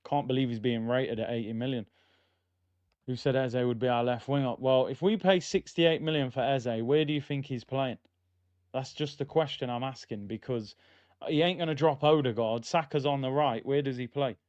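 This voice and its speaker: Young man with a smooth voice, commentating a football watchalong. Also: on the high side, dry recording, highs cut off. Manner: casual, reacts loudly to chances, reads out chat. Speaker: watchalong streamer. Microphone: streaming mic.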